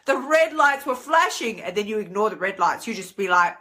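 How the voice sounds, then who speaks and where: Chatty, bright-voiced woman. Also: normal speed. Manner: chatty and animated, with big pitch swings for acted inner voices. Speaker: host. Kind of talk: casual live-stream monologue.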